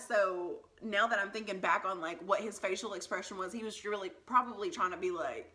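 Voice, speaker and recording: A woman's voice: medium pitch, a little fast, few pauses, sharp tone. A young woman vlogger telling a personal story in a candid, conversational way, full of "like" and "um".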